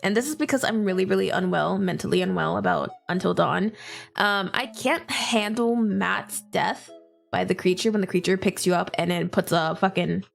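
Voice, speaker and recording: A young woman streaming and chatting casually, swearing freely and laughing often, deliberately pushing her recovering voice lower. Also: creaky, faint music behind. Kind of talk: casual chat.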